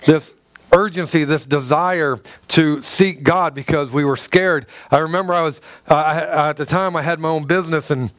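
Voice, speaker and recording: A man preaching a sermon through a personal story, halting and stumbling over repeated words, and acting out the dialogue. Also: a little high, fairly even intonation, fairly bright tone, no echo. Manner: acts out quoted dialogue in his stories.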